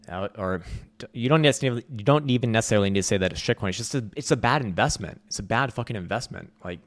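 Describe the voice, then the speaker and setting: A man's voice: lowish voice, animated, rapid-fire. Blunt, sarcastic male market streamer. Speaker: crypto market commentator. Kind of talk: live market commentary.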